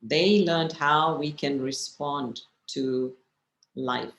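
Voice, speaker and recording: A woman, a spiritual teacher, telling stories in a gentle, reflective way and asking her listeners questions. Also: sits low, extremely slow, creaky, lo-fi sound. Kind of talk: storytelling talk. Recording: echoey room with faint noise.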